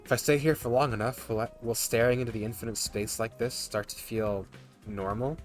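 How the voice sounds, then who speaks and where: A man reading a tired, bewildered young student's inner monologue aloud from a game, quietly and at an even pitch. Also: a little fast, faint music behind, natural voice. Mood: weary. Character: weary, bewildered young male student narrator.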